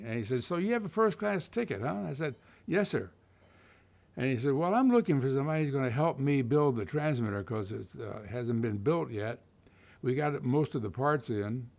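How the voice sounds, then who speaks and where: An older man from Kentucky, giving an oral history interview, telling stories in a relaxed way with many fillers and restarts. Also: medium pitch.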